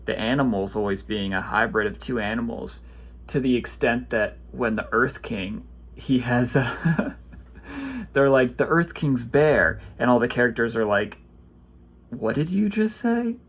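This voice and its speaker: A man casually opening trading card packs, reading card names aloud and chatting about them in a rambling, low-key way. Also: fairly even intonation, measured pace, fairly bright tone. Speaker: card pack opener. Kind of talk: casual pack-opening commentary.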